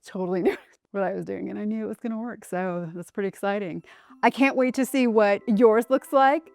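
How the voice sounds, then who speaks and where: A woman's voice: fairly high pitch, fast, darkish tone, dry recording, soft background music. A woman hosting a casual craft vlog, talking in a playful, self-mocking way. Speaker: channel host.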